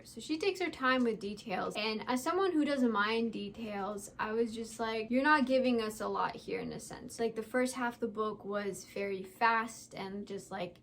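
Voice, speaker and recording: A woman's voice: a little high, a little hiss or hum. A young woman giving a casual, blunt book review, sarcastic and full of swearing and "like" fillers, acting out characters' lines as she retells scenes. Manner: mimics characters' voices when retelling scenes.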